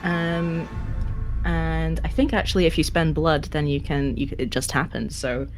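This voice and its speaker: Low-voiced woman game master, hesitant. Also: fairly even intonation, normal speed, soft background music. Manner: hesitant, many fillers. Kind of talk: running a tabletop game.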